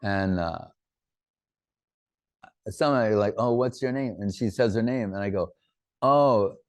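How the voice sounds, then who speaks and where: A man's voice: lowish voice, moderate pace, a little mellow, dry recording. A man giving an informal religious talk, drifting from teaching into rambling personal anecdotes.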